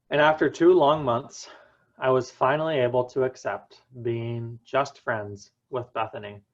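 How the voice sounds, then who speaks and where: Young man, prepared personal talk, earnest storytelling, slow deliberate pace, dramatic pauses, muffled lo-fi sound. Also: mid-range voice. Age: young adult. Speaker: student speaker.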